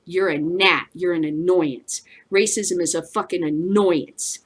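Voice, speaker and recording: A woman's voice: lowish voice, steady tone, a little slow, husky. A woman hosting a casual commentary show, ranting bluntly with lots of swearing and frequent laughter. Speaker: host.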